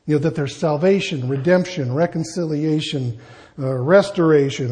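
High-voiced man preaching conversationally. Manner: lively, conversational, rhetorical questions. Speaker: pastor. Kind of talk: verse-by-verse sermon.

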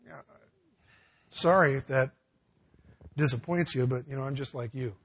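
A man's voice: mid-range voice, normal speed, husky. A man preaching a sermon in a conversational, folksy way, with frequent restarts and casual asides. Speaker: pastor.

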